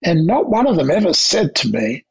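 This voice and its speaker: Gravelly older Australian man, storytelling. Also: high voice, big pitch swings, lo-fi sound. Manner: anecdotal, measured, with restarts. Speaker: guest, diplomat. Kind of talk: reflective interview storytelling.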